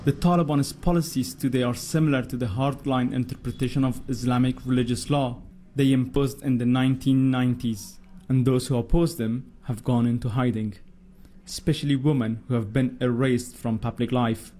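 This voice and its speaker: Guy reporting the news, mellow warm voice, calm and measured. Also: mid-range voice. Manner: measured, formal delivery.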